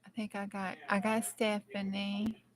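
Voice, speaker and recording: A woman, hosting a casual craft livestream and chatting excitedly with her viewers. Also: medium pitch, a little slow.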